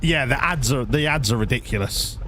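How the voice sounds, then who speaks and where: A man's voice: mid-range voice, moderate pace, bright, forceful tone, slight background noise. A man streaming a game as a hobby, chatting casually and sweary with his viewers in rambling banter. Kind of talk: casual live-stream chat to viewers while gaming.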